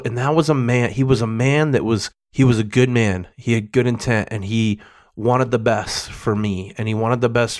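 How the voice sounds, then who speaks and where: A middle-aged man giving a candid personal monologue, emotional and profane, rambling with restarts. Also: on the low side.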